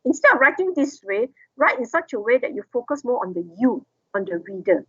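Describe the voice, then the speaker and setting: A woman's voice: fairly high pitch, very animated, a little fast, fairly bright tone, slightly rough, no echo, highs cut off. A woman lecturer, explaining step by step and asking the class questions.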